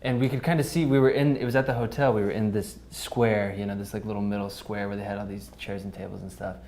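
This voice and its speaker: A man guest on a podcast, calmly telling the story of a photo shoot and often agreeing with a "yeah.". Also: on the low side, fast talker. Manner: relaxed storytelling, many affirmations. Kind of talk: casual interview chat.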